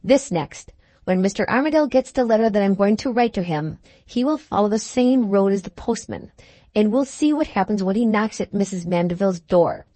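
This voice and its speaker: A woman's voice: medium pitch, expressive, brisk, dark tone, no room sound, natural voice. Woman playing a bitter, bedridden mother. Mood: secretive. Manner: commanding, secretive, curt.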